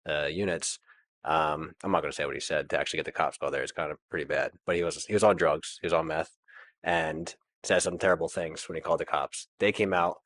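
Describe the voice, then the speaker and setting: A man's voice: deep voice, fairly bright tone, dry recording. A man, a landlord guest, telling his story casually with lots of fillers and nervous laughs.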